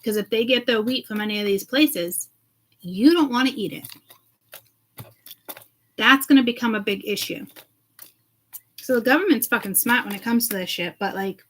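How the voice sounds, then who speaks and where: A woman's voice: on the high side, moderate pace, pauses often, a little hiss or hum, low-quality recording. A woman speaking to her viewers in a loose, rambling monologue, agitated and swearing freely. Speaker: self-described seeress.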